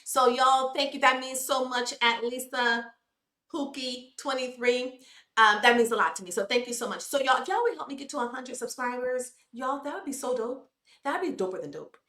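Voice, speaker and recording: A woman talks straight to her viewers in a preachy, emphatic way and keeps calling them "y'all." Her voice sits a little high and sounds bright and forceful. The recording has a roomy echo. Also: moderate pace. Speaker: YouTube commentary host. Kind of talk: casual commentary vlog.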